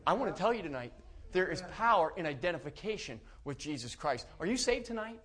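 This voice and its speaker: A man preaching a sermon to a congregation. He talks emphatically and repeats and restarts his words, rising at times to loud preaching. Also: a little high, big pitch swings, fast talker. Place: church.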